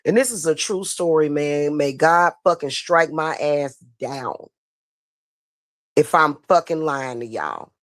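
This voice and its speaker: A woman's voice: sits low, slow, no echo, clean studio sound. A woman hosting a spiritual livestream, telling a story in casual, profane talk that is full of y'all. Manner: profane, animated, addresses viewers as y'all.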